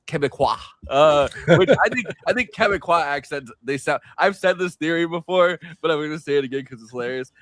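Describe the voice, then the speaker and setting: A man's voice: fairly high pitch, animated, brisk, few pauses, fairly bright tone, dry recording. A man co-hosting a casual political chat, rambling through his take with many restarts. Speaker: co-host.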